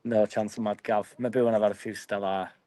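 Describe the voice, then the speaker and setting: Yorkshire football-fan streamer, young man, lowish voice, dry close sound, sweary and chatty with his viewers. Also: flat delivery, a little fast, mellow, dry recording, rough recording. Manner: chatty, sweary, banters with live chat. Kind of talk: casual live-stream chat.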